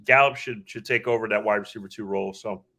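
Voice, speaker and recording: A man's voice: lowish voice, steady tone, fast, gravelly, pushed and bright. A man co-hosting a live fantasy football draft stream, casual and hyped, using slang and answering viewer questions. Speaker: podcast co-host.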